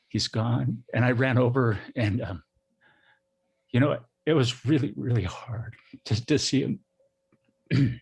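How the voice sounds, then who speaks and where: Middle-aged male guest, gravelly husky voice, soft, halting, reflective. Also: mid-range voice. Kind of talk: personal storytelling.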